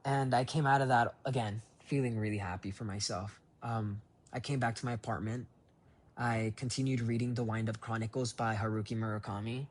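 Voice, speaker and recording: A man's voice: fairly low pitch, fairly even intonation, fairly quick. A young man recording a rambling, reflective voice memo diary on his phone, full of fillers and restarts. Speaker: voice diary keeper.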